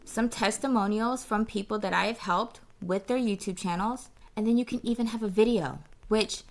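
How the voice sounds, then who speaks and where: Sassy gravelly-voiced woman coach. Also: mid-range voice, moderate pace. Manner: sassy, playful, talks straight to the viewer with "honey" and "okay". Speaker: business coach. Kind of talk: casual direct-to-camera coaching pitch.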